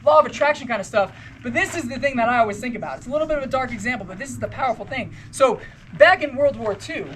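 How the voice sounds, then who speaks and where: Woman, young adult, motivational storytelling, animated, acted-out dialogue, noisy outdoor ambience. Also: fairly high pitch, fast talker. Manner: animated, acts out dialogue, casual slang. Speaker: motivational speaker at a race briefing.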